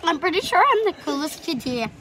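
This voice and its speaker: A woman's voice: very high voice, very animated, fairly quick. A young woman in casual chat, giggly and jokingly boastful.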